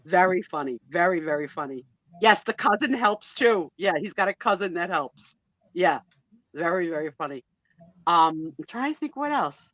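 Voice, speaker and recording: A woman in her sixties hosting a casual live-stream chat, talkative and quick to laugh. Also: lowish voice, no echo, muffled recording. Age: 60s. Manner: chatty and animated, laughs easily. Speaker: host.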